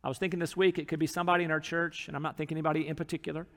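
A man's voice: fairly high pitch, little pitch movement, very fast, a bit bright, in a large hall. A man preaching a sermon as pastor, earnest, acting out quotes from people in the text.

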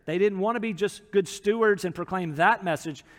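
A man's voice: sits high, moderate pace, big-room sound. A man preaching a sermon as pastor, earnest, acting out quotes from people in the text.

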